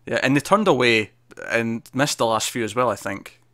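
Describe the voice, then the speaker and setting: A man co-hosting a TV review show, chatting casually in a quick, animated way with frequent restarts. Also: mid-range voice, no echo, studio quality. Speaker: TV review podcast co-host. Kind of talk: casual chat.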